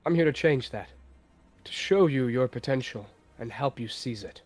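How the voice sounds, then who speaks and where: A man voicing a cold, contemptuous adult tom cat who lurks in a dark dream forest, speaking with quiet menace. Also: medium pitch, expressive, moderate pace, no echo, natural voice. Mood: menacing. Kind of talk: online role-play voice acting.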